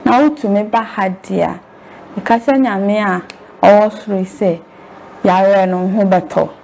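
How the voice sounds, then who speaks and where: A woman gives an earnest, pleading personal testimony in an interview. Her voice has a middle pitch, and faint noise hums behind her. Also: measured pace, vocal fry, darkish tone, low-quality recording.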